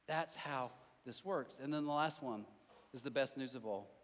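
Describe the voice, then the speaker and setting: A man preaching a sermon as a pastor, telling animated stories with self-deprecating jokes and talking directly to the crowd in a church auditorium. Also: mid-range voice, normal speed. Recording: long hall reverb.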